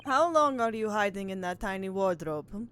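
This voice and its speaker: A woman voicing a menacing male Russian sailor in a put-on Russian accent, slowly threatening a captive and ending lines with a mocking "hmm?". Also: medium pitch, lively intonation, fairly bright tone, slight background noise, lightly acted. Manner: slow threatening interrogation with mocking "hmm?" tags. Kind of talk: reading game dialogue aloud.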